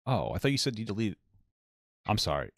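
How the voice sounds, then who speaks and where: A man's voice: on the low side, very animated, a little fast, no room sound, studio quality. A man hosting a reaction video, thinking aloud and rambling as he pieces things together. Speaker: host. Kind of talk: casual reaction commentary.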